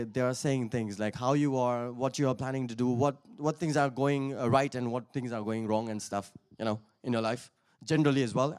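A man with a medium-pitched, darkish voice preaches a sermon, recounting his personal testimony in a casual, conversational style. He laughs often between sentences and eventually rises into emphatic exhortations to the listeners.

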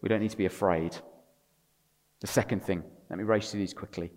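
A man preaching a sermon to a congregation, swinging between loud emphatic passages and quiet, intimate storytelling with a touch of wry humor. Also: sits low, steady tone, brisk. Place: church. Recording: long reverb of a large room.

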